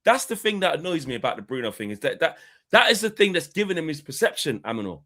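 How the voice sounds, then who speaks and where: A man's voice: on the high side, big pitch swings, fast, pushed and bright. A man co-hosting a casual live football chat. He swears freely and acts out players' rants. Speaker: football podcast co-host.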